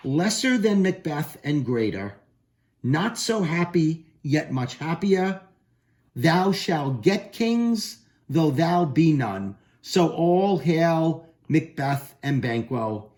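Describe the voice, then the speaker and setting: A man reading the witches' lines as a slow, chanting prophecy in old verse. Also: fairly high pitch, big pitch swings, a little mellow.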